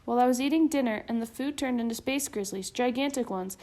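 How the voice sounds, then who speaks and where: A woman voicing an excitable young bear boy in a raised child voice. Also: on the high side, fairly quick, close to an everyday voice. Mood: scared.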